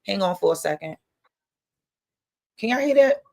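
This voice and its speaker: A woman hosting a casual livestream panel. She is loud and bossy and uses a lot of slang, heard over remote call audio. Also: medium pitch, expressive, moderate pace, gravelly.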